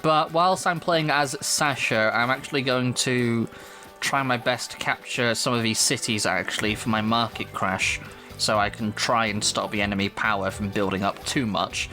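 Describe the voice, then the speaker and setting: Manchester guy chatting while he plays, laughs a lot, bright tone, bit of game music. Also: mid-range voice, steady tone, normal speed. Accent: Mancunian. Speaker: let's play host. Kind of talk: casual gameplay commentary.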